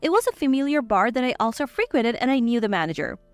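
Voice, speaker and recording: Woman narrator for a scripted drama story, high and animated, dry close read. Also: quick pace, dry recording, faint music behind. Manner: lively, cold when retorting.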